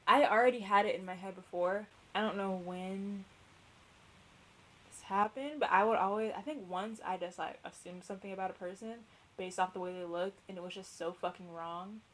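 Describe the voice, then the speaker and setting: A woman's voice: medium pitch, moderate pace, a bit bright, low-quality recording. A young woman co-hosting a podcast in casual chat, blunt and rambling, swearing often and filling with "like". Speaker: podcast co-host.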